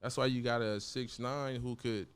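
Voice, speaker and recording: A man's voice: medium pitch, normal speed, clean tone. A young adult man from Oakland, a rapper guest, talking loosely in slang and acting out quotes from others. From Oakland, California. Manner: loose, animated storytelling with slang and acted quotes. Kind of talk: casual interview talk.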